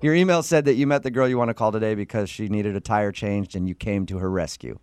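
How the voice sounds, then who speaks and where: A man's voice: on the low side, quick pace, a little mellow, smooth, dry recording. A man hosting a radio talk show, joking and teasing in a casual way.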